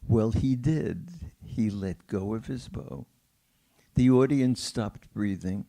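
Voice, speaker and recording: With a creaky, mid-range voice, an older man who plays piano spins stories for a film Q&A audience in a theater. He speaks slowly and warmly, chuckling and imitating quoted voices.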